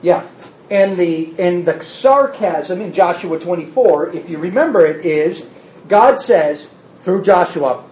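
A man's voice: high-pitched, lively intonation, unhurried, a little mellow. A man teaching a Bible study class, asking the group rhetorical questions. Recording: roomy, slightly dull recording.

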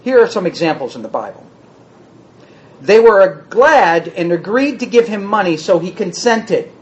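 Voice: medium pitch, animated, normal speed, muffled recording. A Bible teacher giving a word-study lesson, reading verses aloud and then restating them in plain words.

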